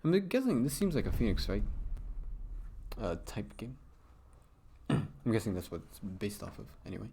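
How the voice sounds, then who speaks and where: A man's voice: fairly low pitch, very animated, moderate pace, vocal fry, pauses often, dark tone, slight background noise. A man casually reading game text aloud and muttering asides as he plays. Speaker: streamer.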